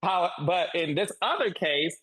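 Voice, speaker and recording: A man talking as a guest on a podcast interview, emphatic and animated, repeating points for stress. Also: high-pitched, unhurried, slightly rough, rough recording. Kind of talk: casual interview chat.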